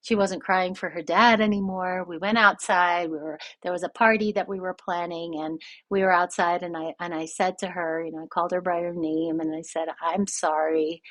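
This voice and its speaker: A woman's voice: on the low side, steady tone, brisk, fairly bright tone. A woman who hosts a podcast and works as a relationship coach, telling a personal story in a candid, reflective and self-critical way.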